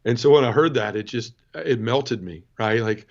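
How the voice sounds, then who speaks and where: A man's voice: medium pitch, normal speed. Man, 40s, podcast guest: earnest personal testimony, talks straight to the host, mid-range voice, muffled lo-fi audio. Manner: earnest, conversational, addresses the host often. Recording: dull lo-fi sound.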